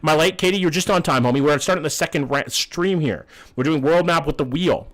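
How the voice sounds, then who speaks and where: A young man streams a guessing game, talking loosely and swearing a lot between greetings to viewers. His voice sits a little higher than most men's. He rambles, jokes and hypes up good rounds. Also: fairly quick, fairly bright tone. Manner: chatty, profane, greets chat often. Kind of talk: casual live-stream commentary.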